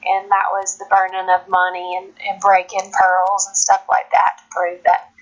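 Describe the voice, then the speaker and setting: A woman's voice: mid-range voice, completely flat delivery, normal speed, highs cut off. A woman singer-songwriter from Alabama, chatting as a guest in a casual phone interview, laughing often and restarting her sentences.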